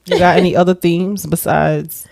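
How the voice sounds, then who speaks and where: New york woman cohosting, kinda low voice, laid back, lots of yeah right. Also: flat delivery, moderate pace, vocal fry. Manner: easygoing, affirming, reads passages aloud. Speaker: podcast co-host. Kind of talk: casual chat.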